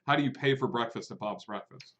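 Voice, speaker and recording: A man at a middle pitch who runs a tabletop game as its game master. He narrates scenes and questions his players in a halting way, full of filler sounds. The tone is an everyday conversational one. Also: a bit bright, highs cut off. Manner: hesitant, with many filler sounds.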